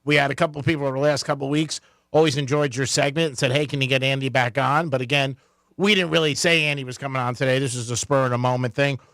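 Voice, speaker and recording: A man's voice: mid-range voice, fairly even intonation, quick pace, creaky, a bit bright, dry recording, clean studio sound. A man hosting a radio talk show, asking long rambling questions in a chatty way. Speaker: radio host. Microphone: studio mic.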